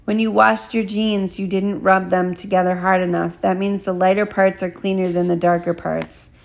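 A woman voicing a knowing, amused young hotel clerk in an audiobook, slow and explaining. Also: mid-range voice, flat delivery, gravelly, close to an everyday voice.

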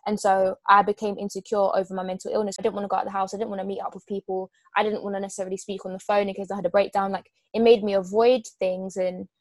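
A woman's voice: medium pitch, little pitch movement, quick pace, few pauses, dry recording. Open woman, dry close mic. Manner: open, emotional, frank. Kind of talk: casual heart-to-heart chat.

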